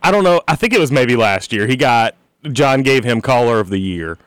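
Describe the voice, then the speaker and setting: A man's voice: medium pitch, brisk, clear, resonant tone, no echo. A man co-hosting a sports radio show, chatting casually and laughing often. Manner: laughs often, lively intonation. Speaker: radio co-host.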